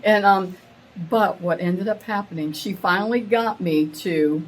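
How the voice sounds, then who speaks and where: A middle-aged woman tells a story to a small live group at a mid pitch, rambling and excitable, leaping up in pitch whenever she acts out a quote. Faint noise sits under the recording. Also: a little slow, poor audio. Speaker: meetup attendee sharing a story. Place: women's meetup gathering, audience laughing.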